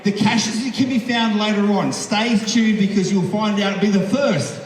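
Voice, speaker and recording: A man's voice: high voice, moderate pace. An Australian man co-hosting a live podcast show on stage, joking and working the crowd. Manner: joking, playful, lively crowd work. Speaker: podcast co-host, emcee. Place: open-air amphitheater at a live event. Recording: echoey open-air venue, mic from far off.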